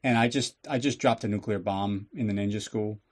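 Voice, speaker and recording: With a fairly low voice and a fairly quick delivery, a male podcast host tells a film's story for laughs. He's casual and sarcastic, cursing freely and riffing on the plot.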